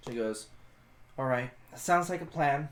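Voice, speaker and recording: A man's voice: mid-range voice, moderate pace, a bit bright. A man narrating and acting out his character's actions in a tabletop role-playing game. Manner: storytelling, voices his character's lines. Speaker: tabletop player. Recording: echoey room.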